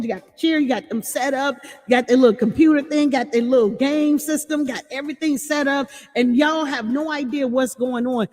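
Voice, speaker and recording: A woman chatting on a livestream, warning parents and reading out chat comments in an animated way. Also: sits high. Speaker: livestream host. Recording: long reverb with faint music.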